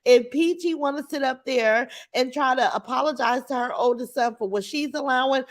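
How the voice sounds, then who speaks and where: A woman's voice: fairly high pitch, normal speed, few pauses. A middle-aged woman hosting a casual livestream, reading viewers' comments aloud and answering them bluntly and with plenty of profanity. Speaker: livestream host reading chat.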